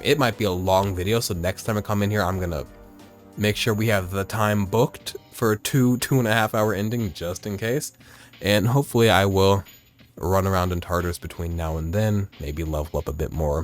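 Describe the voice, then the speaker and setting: Male let's-play host, deep-ish voice, rambling and profane, casual. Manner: rambling, chatty, swears casually. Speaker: gaming video host.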